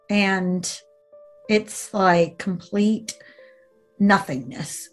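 A woman speaks earnestly as she recounts an emotional personal story to an interviewer. Her pitch sits in the middle range, and her delivery is conversational, full of fillers and small restarts. Soft music plays faintly underneath her voice. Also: moderate pace.

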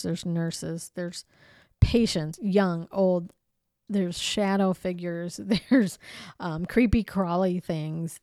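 A woman's voice: on the low side, smooth, no echo. Chatty woman podcaster, dry close sound. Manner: chatty, lots of "you know" and "um"; animated, laughs easily. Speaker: podcast co-host. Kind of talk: casual storytelling about hauntings.

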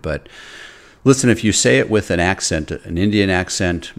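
A man hosting a talk show, chatting loosely and stopping often on fillers. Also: deep voice. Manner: loose, conversational, with frequent fillers. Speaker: host. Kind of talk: casual talk-show chat.

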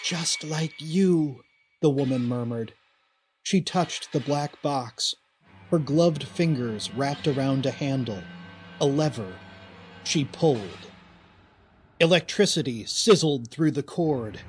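A man narrating a horror story in a slow, deliberate, dramatic way. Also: mid-range voice, faint music behind.

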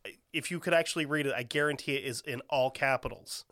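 A man's voice: mid-range voice, quick pace, sharp tone, no room sound, clean studio sound. A young man co-hosting a comedy podcast, reading an old diary aloud and swearing through wry jokes. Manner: profane, joking, reads a diary aloud with wry asides. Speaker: podcast co-host.

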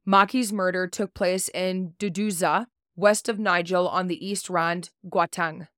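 A woman's voice: on the low side, steady tone, measured pace, a bit bright, dry recording, clean studio sound. Blunt, cussing woman podcast host. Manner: blunt, swears casually, unsure on names. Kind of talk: reading a prepared true-story segment.

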